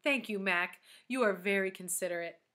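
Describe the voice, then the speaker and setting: A woman voicing a gentle, loving schoolteacher who talks warmly and tenderly to her class. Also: medium pitch, moderate pace, close to an everyday voice. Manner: warm and tender.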